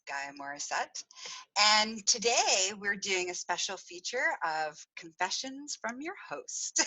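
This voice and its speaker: This woman hosts a podcast and tells a confessional story in a loose, rambling way, laughing between thoughts. Her voice is bright, with a lively, swinging pitch. She talks casually, with plenty of fillers and restarts. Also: poor audio. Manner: chatty, giggly storytelling with frequent laughs. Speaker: podcast host.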